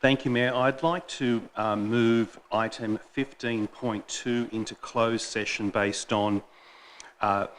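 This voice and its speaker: A man, a councillor, moving a motion in a council chamber, hesitant with frequent pauses to find his words. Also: medium pitch, fairly even intonation, a little hiss or hum. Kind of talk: formal motion in a council meeting.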